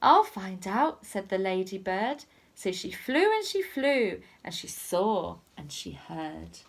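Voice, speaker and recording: Slow sing-song woman teacher. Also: medium pitch, big pitch swings, vocal fry. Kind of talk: reading a picture book to children.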